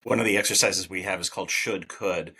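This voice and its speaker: A man's voice: low voice, steady tone, brisk, sharp tone, breathy edge, rough recording. A man hosting a podcast interview, talking in an enthusiastic, rambling way with many restarts. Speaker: podcast host.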